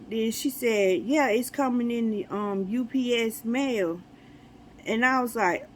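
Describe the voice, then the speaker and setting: A woman's voice: fairly high pitch, unhurried, slight background noise, poor audio. A woman talking casually to viewers about spiritual signs, telling stories animatedly and acting out conversations. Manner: animated storytelling, acts out dialogue, laughs often. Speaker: spiritual vlogger.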